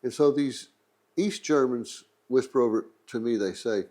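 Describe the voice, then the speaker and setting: A man's voice: mid-range voice, measured pace, mellow. A middle-aged man with a Texan accent, casually telling a rambling, joking travel anecdote as the host of a museum channel. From Texas. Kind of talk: casual storytelling.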